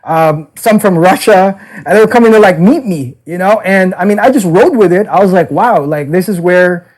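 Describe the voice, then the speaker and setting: A man's voice: high-pitched, normal speed, darkish tone, low-quality recording. A man casually recounting his past as a dating seminar teacher, peppering his talk with "okay?" and "like". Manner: frequent "okay?" and "like" fillers. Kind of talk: casual storytelling interview. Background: children.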